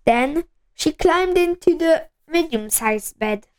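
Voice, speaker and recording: A woman reading a children's storybook aloud, slowly and with clear enunciation. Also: high voice, expressive.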